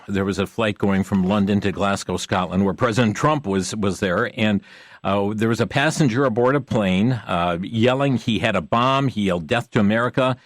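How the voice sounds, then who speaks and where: A man hosts a Christian talk show in a folksy, conversational way, speaking to viewers as friends and pausing on fillers. His voice is on the low side. The sound is dry and close. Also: no room sound.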